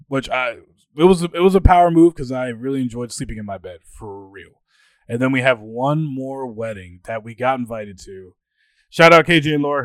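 Casting note: young male podcast co-host, animated storyteller, close dry mic, mid-range voice. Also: mid-range voice, no echo. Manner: animated storyteller, acts out quoted friends. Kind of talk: casual chat.

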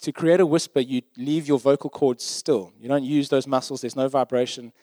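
A man's voice: medium pitch, fairly even intonation, moderate pace, warm tone, no room sound. A man preaching a sermon in a conversational, emphatic way, often checking in with his listeners.

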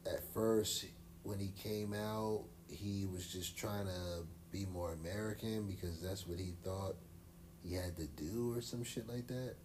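A man's voice: low voice, fairly even intonation, a little slow, background noise. A man co-hosting a podcast, talking in a laid-back, rambling way full of slang and fillers. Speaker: podcast co-host. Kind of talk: casual chat.

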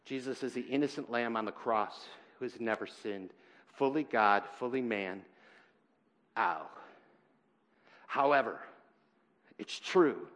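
A man preaching a sermon in church, earnest and halting, swinging between loud emphasis and quiet, heavy moments. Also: medium pitch. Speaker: pastor.

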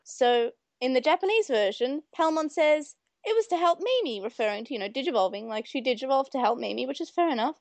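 A woman's voice: sits high, quick pace, few pauses, no echo. A woman co-hosting a casual chat, retelling scenes and acting out the quoted lines. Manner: animated, acts out quoted lines. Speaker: podcast co-host.

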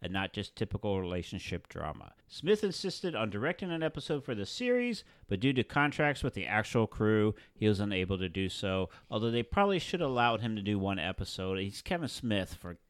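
A man's voice: fairly low pitch, very animated, fairly quick, few pauses, clear, resonant tone, no echo. A man co-hosting a casual chat, reading out notes with dry joking asides. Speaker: podcast co-host.

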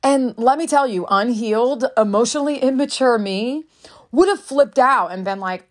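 A woman's voice: a little high, moderate pace. A woman in her thirties, a mother telling a parenting story in a candid, reflective way, swearing now and then. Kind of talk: casual storytelling monologue.

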